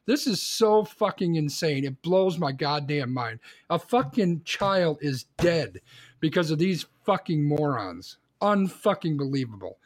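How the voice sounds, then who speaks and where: A man's voice: on the high side, lively intonation, a little slow. A man co-hosting a casual podcast, ranting angrily and swearing constantly. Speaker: podcast co-host. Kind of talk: casual chat.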